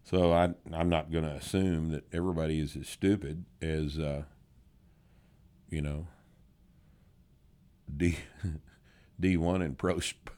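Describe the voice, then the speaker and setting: A man's voice: a bass voice, steady tone, a little slow, long pauses, a little mellow. A man hosting a podcast, answering listener questions in blunt, profane, joking chat. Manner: blunt, profane, drawling, laughs often. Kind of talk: casual chat.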